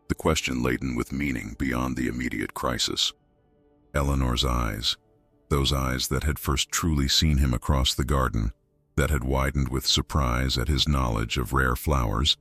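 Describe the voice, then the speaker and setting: A man reading a scripted story as narrator in a measured, even way, over faint music. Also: a bass voice, husky, no echo.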